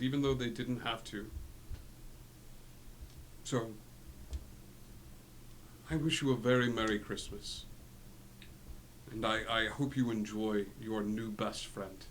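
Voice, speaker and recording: A man narrating as game master of a tabletop game, in a loose, halting way with many fillers. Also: medium pitch, a little hiss or hum.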